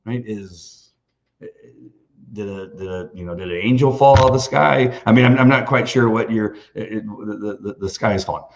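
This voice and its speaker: A man's voice: fairly low pitch, moderate pace, highs cut off. A man hosting a live video stream, talking off the cuff in a rambling, emphatic way with lots of restarts. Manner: animated, emphatic. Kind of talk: off-the-cuff livestream monologue.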